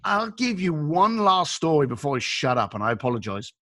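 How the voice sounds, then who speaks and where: Male guest, bright and forceful, animated storyteller, slangy. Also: a little high, fairly quick. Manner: animated, chatty, acts out quotes; informal slang. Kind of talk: casual storytelling.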